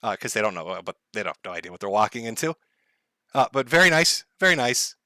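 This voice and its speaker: This livestream host, streaming casually from home on headphones and a desk mic, talks fast in a fairly low, sing-song voice that sounds pushed and bright. He rants sarcastically, laughing often, swearing, and tossing in mock-tragic asides. The studio-clean audio has no echo.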